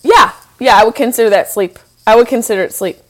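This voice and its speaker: A woman co-hosting a podcast in casual chat, animated and teasing in how she talks. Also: fairly high pitch, quick pace. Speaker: podcast co-host.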